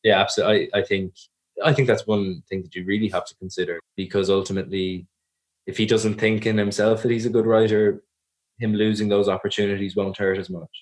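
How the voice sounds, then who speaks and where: Irish guy, low voice, talks it through slow and careful on a podcast interview. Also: level tone. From Ireland. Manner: thoughtful, restarts mid-sentence. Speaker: actor guest. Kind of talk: interview answers.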